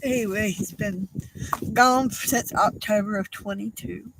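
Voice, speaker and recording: An older woman, hosting a casual craft livestream, speaking in a halting, tearful, apologetic way with many fillers. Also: mid-range voice, fairly even intonation, gravelly, noisy background.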